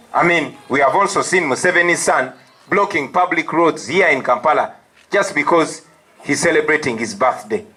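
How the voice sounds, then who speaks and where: Defiant Ugandan man with bright tone. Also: on the high side, breathy edge, low-quality recording. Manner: firm, emphatic, defiant delivery with deliberate pauses. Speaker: opposition party president. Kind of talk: press statement.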